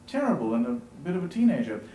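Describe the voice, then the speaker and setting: A man's voice: on the high side, sing-song, fast, mellow, slight background noise, poor audio. A man with a British accent hosting a talk show interview, playful and hesitant with many fillers. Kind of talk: casual interview chat.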